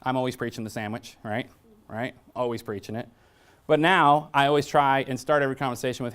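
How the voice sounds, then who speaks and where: A man's voice: mid-range voice, steady tone, a little fast, a bit bright, smooth. A man presenting a staff training workshop. He talks bluntly and jokes through his stories, and he often asks the audience questions. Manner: blunt, joking, storytelling.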